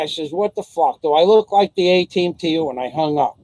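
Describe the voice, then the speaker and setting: A man tells a long personal story to the camera, loose and profane, stumbling over restarts as he plays out every line of dialogue. His voice sits a bit high for a man, yet the tone is warm and mellow. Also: expressive, a little fast, dry recording, low-quality recording. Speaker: vlogger. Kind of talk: casual storytelling.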